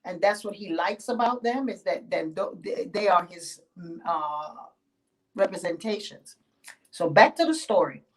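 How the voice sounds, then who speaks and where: A woman spiritual teacher telling a sacred story aloud, animated and playful, stepping in and out of character voices. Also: lowish voice, a little slow, low-quality recording. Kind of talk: oral storytelling.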